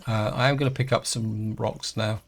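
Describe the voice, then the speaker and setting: A middle-aged man giving casual let's-play commentary, chatty and hesitant, thinking aloud with many pauses. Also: lowish voice, steady tone, gravelly, faint music behind. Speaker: gaming channel host.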